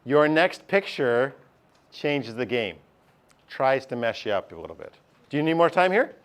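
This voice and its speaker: A man's voice: mid-range voice, sing-song, moderate pace, clean tone. A male teacher, giving a chatty classroom lesson and often checking in with his class.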